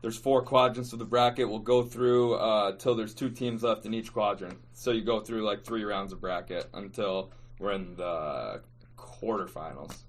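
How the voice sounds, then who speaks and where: Male co-host, slightly low voice, relaxed and rambling in casual chat. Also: normal speed. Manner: laid-back, rambling explanations with fillers. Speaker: podcast co-host. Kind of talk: casual sports podcast chat.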